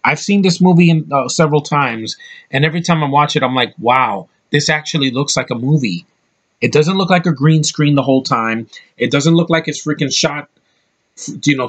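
A young man reviews a movie in a casual, rambling way, excitable and packed with fillers and swearing. His voice is medium in pitch.

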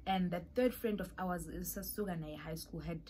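A young South African woman with a South African accent, telling an animated storytime vlog and acting out the voices in it. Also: fairly low pitch, moderate pace, slight background noise. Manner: animated, mixes in Zulu and Xhosa phrases, acts out voices. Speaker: YouTuber.

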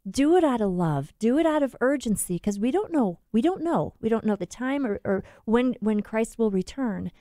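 A woman's voice: fairly high pitch, animated, normal speed, hardly any pauses, warm tone, no echo, clean studio sound. Earnest woman with a Wisconsin accent. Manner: earnest, exclamatory, preacherly appeals to listeners. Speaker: radio show co-host. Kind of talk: Christian radio talk.

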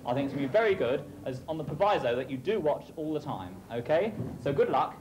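A young chorus master giving brisk, playful instructions to a choir during rehearsal. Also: male voice, on the high side, sing-song, noisy background. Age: young adult. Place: large echoing hall. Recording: echoey hall from far off.

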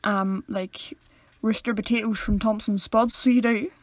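A young Northern Irish woman co-hosting a podcast, teasing and often trailing off into a soft mumble. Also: mid-range voice, steady tone, measured pace, no echo. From Northern Ireland. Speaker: podcast co-host. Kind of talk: casual chat.

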